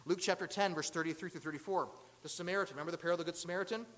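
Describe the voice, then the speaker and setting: A man preaching a sermon as pastor, asking rhetorical questions and swinging between loud emphasis and hushed lines. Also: on the high side, racing, in a large hall.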